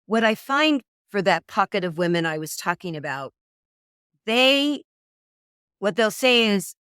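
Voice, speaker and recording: A middle-aged woman talking as a dating coach in an interview, an animated storyteller who acts out quoted voices. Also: medium pitch, a little slow, pauses often, smooth, dry recording, clean studio sound. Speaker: dating coach, podcast guest. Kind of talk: conversational interview.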